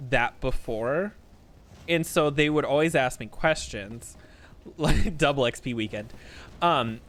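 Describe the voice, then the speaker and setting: A man's voice: mid-range voice, a bit bright. A man streaming a game and chatting casually, telling stories full of fillers and frequent laughter. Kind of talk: casual chat while playing a game.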